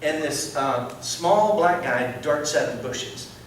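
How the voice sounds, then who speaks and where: A man telling a lively story as a sermon, acting out the voices of the people in it. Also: on the high side, slow pace, recorded from a distance, noisy background. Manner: animated storyteller, acts out quotes. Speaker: preacher giving a testimony. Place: large church sanctuary. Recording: echoey hall, heard from afar.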